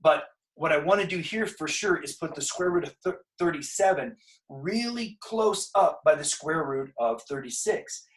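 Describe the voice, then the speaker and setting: A man's voice: a little high, lively intonation, moderate pace, rough recording. A man teaching a casual math lesson, working problems aloud with jokes and asides. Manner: joking, thinks aloud while working problems. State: out of breath.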